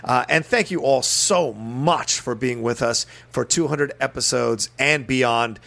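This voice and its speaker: A man's voice: mid-range voice, unhurried, gravelly, bright, forceful tone. A man co-hosting a film podcast, thanking listeners in a heartfelt, expansive way. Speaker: podcast co-host. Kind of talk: closing remarks to listeners.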